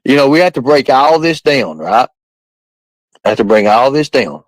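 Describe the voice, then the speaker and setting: A man's voice: medium pitch, very animated, moderate pace, no echo, low-quality recording. Guy on a livestream rambling at chat, bouncy up and down voice, dry sound. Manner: rambling, repetitive, quizzing the chat. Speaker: livestream host. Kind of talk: casual live-stream talk to chat.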